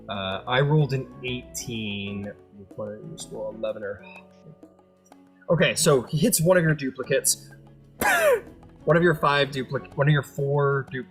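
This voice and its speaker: A game master narrating a tabletop game loosely, thinking aloud and losing count. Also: mid-range voice.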